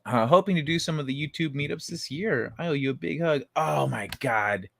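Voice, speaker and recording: A man's voice: on the high side, fairly quick, creaky, fairly bright tone, no room sound, clean studio sound. A man hosting a casual late-night livestream, rambling and swearing with many restarts as he chats with viewers. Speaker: livestream host reading chat.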